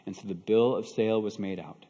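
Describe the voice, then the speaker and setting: A man's voice: on the low side, steady tone, brisk, dark tone, breathy edge, long reverb tail. A man preaching a sermon, moving from storytelling into fervent preaching with rhetorical questions. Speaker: pastor.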